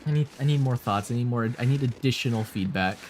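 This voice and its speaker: A man talks through a survival game live, chatting and teasing his viewers as he plays. His voice sits in a middle pitch. A faint noise hangs behind him. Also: fast, darkish tone. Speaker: streamer. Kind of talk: live gameplay commentary.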